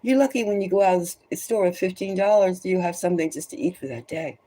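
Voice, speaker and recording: A tarot reader talks fast in a mellow, mid-range voice, giving loose, emphatic, rambling commentary. She often repeats phrases for stress and restarts frequently in a conversational way.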